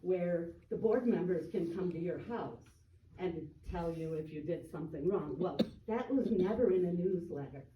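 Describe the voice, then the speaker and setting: A woman giving a plain, halting account with frequent ums, speaking as a resident at a community meeting. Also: on the low side, highs cut off. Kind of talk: public comment at a meeting. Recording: echoey room, distant mic, faint noise.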